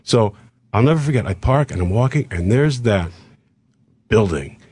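An older man telling a long show-business story on a radio talk show, acting out the dialogue of the people in it with quick asides. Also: fairly low pitch, breathy edge, no echo, studio quality. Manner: animated anecdote with acted-out dialogue and quick asides. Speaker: guest comedian telling a story.

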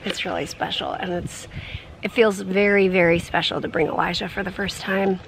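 A woman's voice: mid-range voice, flat delivery, moderate pace, a little hiss or hum. A woman in her thirties chatting casually with her husband for a vlog, playful and talkative, recorded outdoors by the water. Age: 30s. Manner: chatty, playful, sings in a teasing lilt. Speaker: vlogger. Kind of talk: casual chat.

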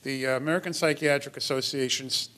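A man's voice: mid-range voice, steady tone, fast, pushed and bright. A middle-aged man giving a lecture in a hall as a pediatrician, explanatory with wry asides. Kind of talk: lecture to an audience.

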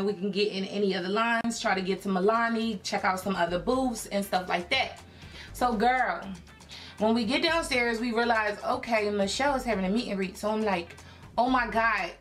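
A young woman from Philadelphia telling a personal story in a casual vlog, chatty and animated, full of fillers and acted-out quotes. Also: medium pitch. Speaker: YouTube creator.

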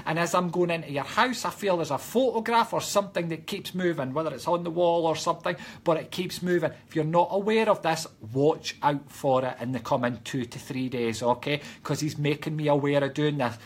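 Husky Scottish man, reassuring medium. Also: fairly high pitch, a little fast, few pauses. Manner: reassuring, keeps adding "okay?"; chatty and jokey between readings. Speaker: psychic medium giving live readings. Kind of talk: live-stream reading, casual chat.

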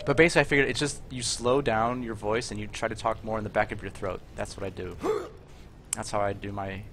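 Young guy gaming and rambling, kinda low voice, noisy game sound behind. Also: steady tone, quick pace, a bit bright. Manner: rambling, joking, with many fillers. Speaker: streamer playing a video game. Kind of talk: casual gaming chat.

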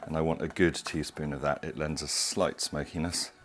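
A man's voice: a bass voice, little pitch movement, moderate pace, a bit bright, slight background noise. A middle-aged man, hosting a casual cooking demonstration in his home kitchen, chatty, digressive and enthusiastic. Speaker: cooking show host.

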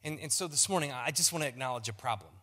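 Playful male pastor, self-mocking sermon, forceful bright tone, long church reverb. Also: mid-range voice, expressive, very fast. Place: large church auditorium.

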